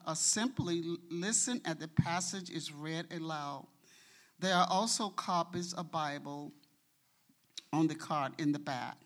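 A middle-aged woman giving a heartfelt testimony in a church before reading scripture. She speaks earnestly and says openly that she is nervous. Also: lowish voice. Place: church sanctuary.

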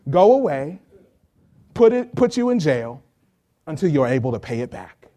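A preacher acting out a harsh, unforgiving servant who scolds a debtor, blunt and quick. The voice stays close to his own. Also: a little high, very animated, mellow, voice pushed down. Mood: harsh, scolding. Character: harsh, unforgiving male servant demanding payment.

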